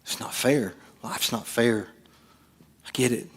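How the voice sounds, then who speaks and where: A middle-aged man, preaching a sermon as pastor, swinging from hushed asides to loud, animated delivery. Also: medium pitch, slow, slightly rough, long reverb tail.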